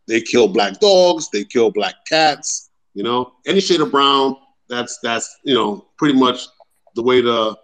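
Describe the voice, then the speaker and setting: Founder type, earnest man, speaks haltingly while making his case. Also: mid-range voice, a bit bright, poor audio. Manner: earnest, with many hesitations. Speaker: project founder. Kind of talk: casual explanatory talk.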